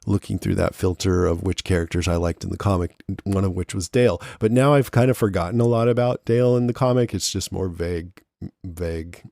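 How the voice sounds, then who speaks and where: A man's voice: low-pitched, a little fast, gravelly, a little mellow, no room sound, studio quality. A man co-hosting a podcast in casual chat, recapping a TV episode and acting out quotes in raised voices. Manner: acts out quotes in raised voices, laughs often. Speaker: podcast co-host.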